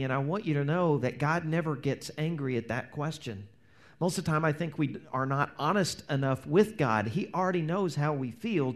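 A man preaching a sermon as pastor, animated, acting out quoted prayers and dropping to near-whispers. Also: on the high side.

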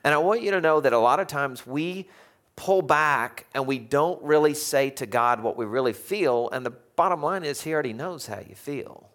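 A man's voice: a little high, normal speed, fairly bright tone. A male pastor delivers a sermon in an easy, conversational way. He drifts between reading scripture and chatting with wry humor. He keeps asking the congregation rhetorical questions.

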